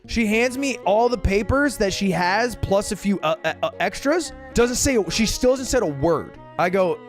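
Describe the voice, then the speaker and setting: A man, a streamer, telling a story in an exasperated, profane way, casual and animated. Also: sits high, normal speed, faint music behind. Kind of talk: casual comedic storytelling rant.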